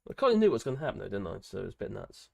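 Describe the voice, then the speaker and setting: A woman's voice: a bass voice, very animated, racing, creaky, darkish tone, dry recording. A middle-aged woman, hosting a live stream in casual, giggly, exclamatory chat.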